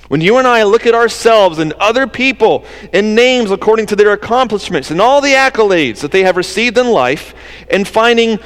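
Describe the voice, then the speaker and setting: A man with a Southern accent preaching a sermon as pastor, earnest and conversational, with quick asides and rephrasings. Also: sits high, long reverb tail.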